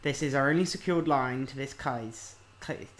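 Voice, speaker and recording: A man casually commenting on a video game as he plays, reading the on-screen text aloud and thinking out loud. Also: medium pitch, moderate pace. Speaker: let's-play host.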